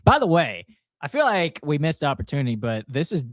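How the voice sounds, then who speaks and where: A man's voice: fairly high pitch, very animated, a little fast, dry recording, studio quality. A man, producer and co-host of a talk show, easygoing and enthusiastic. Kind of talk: casual talk-show chat.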